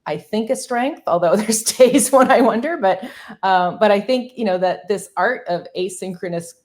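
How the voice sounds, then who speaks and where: A woman's voice: mid-range voice, moderate pace, a little mellow. A woman in her fifties talking candidly as a podcast guest, chatty with many fillers and restarts. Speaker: podcast guest, marketing agency founder. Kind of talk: conversational interview.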